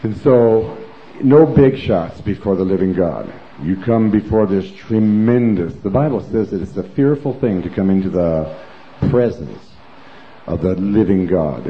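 Deep-voiced man giving a rambling testimony. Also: slight background noise. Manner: rambling, emphatic, full of "you know". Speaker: testifying preacher. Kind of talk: personal testimony sermon. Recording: roomy, dull lo-fi recording.

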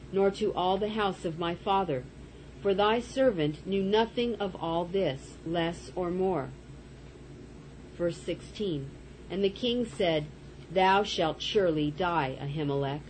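A woman reading Bible verses aloud in a steady manner, calling out each verse number and even the punctuation marks. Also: fairly low pitch, a little hiss or hum, rough recording. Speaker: scripture reader.

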